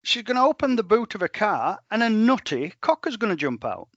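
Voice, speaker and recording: A middle-aged man, a dog trainer telling stories in a plain-spoken, animated way. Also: sits high, fairly quick, no room sound, dull audio. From England. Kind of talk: storytelling in a podcast interview.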